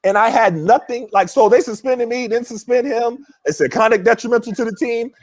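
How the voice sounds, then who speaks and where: A man's voice: very high-pitched, fairly quick, no echo. A former pro basketball player telling a story in casual chat, acting out what others said and peppering his talk with "you know" and "right?". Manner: animated, acts out other people's words.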